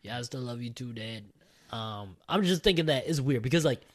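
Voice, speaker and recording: A man's voice: mid-range voice, lively intonation, brisk. Laid-back young man chatting casually. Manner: laid-back, swears casually, lots of fillers. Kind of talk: casual chat.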